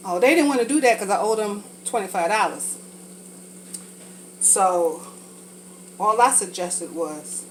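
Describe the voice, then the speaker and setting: A woman's voice: medium pitch, measured pace, pauses often, a little hiss or hum, poor audio. A woman talking casually and frankly while cooking for a vlog, rambling from thought to thought, a little congested from a sinus infection. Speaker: vlogger.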